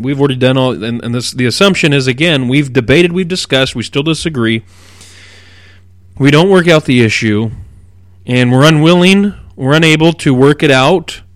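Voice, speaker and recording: A middle-aged man hosting a radio Bible teaching program, explaining at a measured pace and leaning hard on key words. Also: mid-range voice, no room sound. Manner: measured, explanatory delivery with emphatic stresses.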